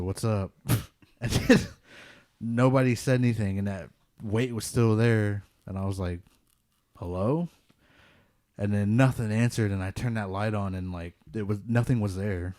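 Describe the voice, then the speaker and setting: Relaxed low-voiced man telling a story. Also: dry recording, studio quality. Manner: relaxed, rambling, many "like" fillers. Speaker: podcast host. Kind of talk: casual storytelling.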